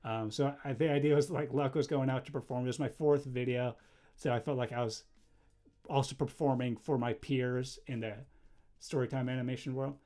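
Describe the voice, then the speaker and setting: A young man chatting casually on a livestream while drawing, rambling and easily distracted, breaking into quick laughs. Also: mid-range voice, fairly even intonation, mellow. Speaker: livestreamer and animator.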